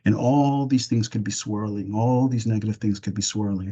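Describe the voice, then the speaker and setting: Male therapist presenting a webinar, warm low voice, relaxed and reflective, dull lo-fi video-call sound. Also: husky. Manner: gentle, asks slow reflective questions; casual, with fillers and restarts. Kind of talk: reflective webinar talk with guided imagery.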